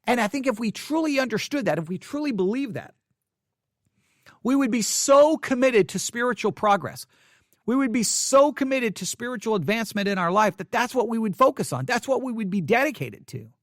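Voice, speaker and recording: A man hosting an informal devotional study, talking in a halting way and often repeating and correcting himself. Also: very high-pitched, expressive, no echo, clean studio sound.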